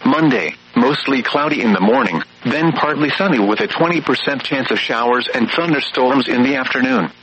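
A man's voice: medium pitch, expressive, normal speed, hardly any pauses, a bit bright, breathy edge, rough recording. Synthetic male weather radio voice. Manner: clipped, evenly paced listing of readings and forecasts. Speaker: automated weather broadcaster. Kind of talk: automated weather radio readout.

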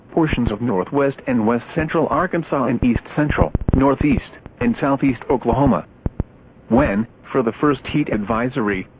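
A computer-generated male voice reading a weather broadcast in clipped, evenly spaced phrases, each chopped apart from the next. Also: mid-range voice. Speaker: weather radio announcer. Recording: dull lo-fi radio with loud static.

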